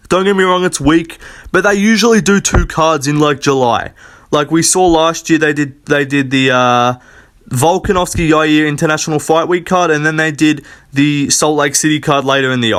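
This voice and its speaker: A young man talks in a loose, rambling solo rant, blunt and full of swearing. His pitch sits in a middle range for a man, and he keeps stopping and restarting as he thinks aloud. The delivery is casual and unscripted, with plenty of fillers. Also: fairly bright tone. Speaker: MMA commentator.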